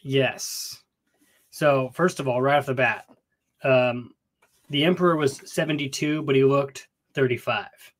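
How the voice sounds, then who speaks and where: Guy cohosting a book podcast, goofy and chatty, mid pitch, taping in a tiny closet. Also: fairly even intonation, a little slow. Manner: playful, jokey, chatty with filler words. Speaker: podcast co-host. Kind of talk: casual podcast chat. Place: small closet.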